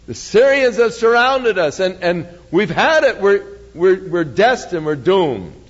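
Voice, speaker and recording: A preacher voicing a panicked stammering servant. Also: male voice, high-pitched, big pitch swings, measured pace, exaggerated voice. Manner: stammering, desperate. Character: panicked young male servant. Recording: dull lo-fi, long church reverb.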